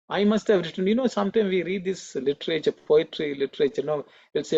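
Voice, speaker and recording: A man's voice: fairly high pitch, fast, vocal fry, darkish tone, lo-fi sound. A man giving an earnest, emotional talk at a devotional gathering, telling a personal story with many fillers.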